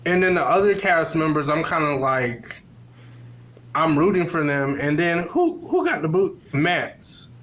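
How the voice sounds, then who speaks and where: A man's voice: a little high, sing-song, a little slow, a bit bright, rough recording. A man co-hosting a casual podcast, giving blunt, opinionated takes with casual cursing. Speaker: podcast co-host. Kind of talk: casual chat.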